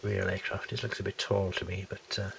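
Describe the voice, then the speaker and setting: Still shaking off a cold, this scale model kit reviewer talks his way through an unboxing, stumbling through fillers and restarts in a casual ramble. He speaks a little fast in a low, monotone voice with vocal fry and a fairly bright tone, over a little hiss or hum.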